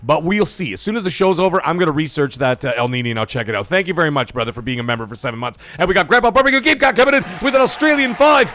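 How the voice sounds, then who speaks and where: A man's voice: on the high side, very fast, few pauses, no room sound, faint music behind. A man hosting a gaming livestream, energetically reading out and reacting to chat messages. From Canada. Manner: energetic, hyped, reads chat messages aloud. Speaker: livestream host.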